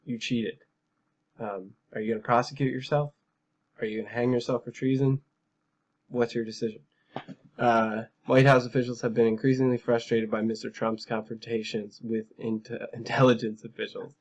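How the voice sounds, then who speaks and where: A man's voice: on the low side, dull audio. A man giving emphatic, heated commentary on a news article, with frequent fillers and repeated phrases. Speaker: political commentary vlogger.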